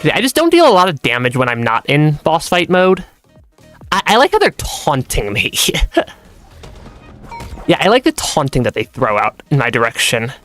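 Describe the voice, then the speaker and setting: Lively, giggly game streamer. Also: mid-range voice, moderate pace, pauses often, soft background music. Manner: chatty, giggles often, trails off and restarts sentences. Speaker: gaming streamer. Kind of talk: casual let's-play commentary.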